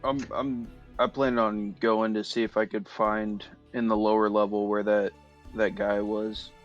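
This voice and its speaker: A man's voice: on the low side, level tone, unhurried, lo-fi sound, soft background music. Rambling male tabletop player. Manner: rambling, full of likes and ums. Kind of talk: tabletop game play.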